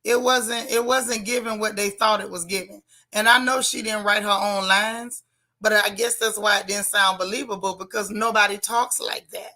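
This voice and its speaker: Sassy bright-voiced woman chatting live. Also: mid-range voice, steady tone, moderate pace. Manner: blunt, sassy, reads viewer comments aloud. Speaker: livestream host. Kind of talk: casual live chat reacting to a TV show.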